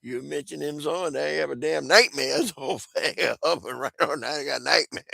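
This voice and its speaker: A man ranting casually on a call, laughing often, swearing freely, and swinging from low mutters to loud outbursts. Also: normal speed, gravelly, breathy edge, dry recording. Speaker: commentator.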